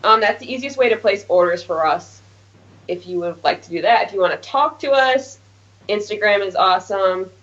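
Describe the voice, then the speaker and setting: A woman's voice: mid-range voice, moderate pace, a bit bright. Candid, chatty woman guest on a podcast. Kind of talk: casual podcast chat. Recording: dull lo-fi podcast audio.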